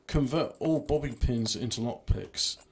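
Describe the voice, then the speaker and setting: This gameplay streamer offers rambling, self-mocking commentary while he plays, full of restarts and trailing phrases. His mid-range voice keeps a measured pace, with slight background noise behind it.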